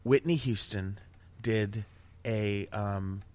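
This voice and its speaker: A middle-aged man hosting a casual chat, telling self-mocking stories in a lively, animated way. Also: lowish voice, extremely slow. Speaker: host.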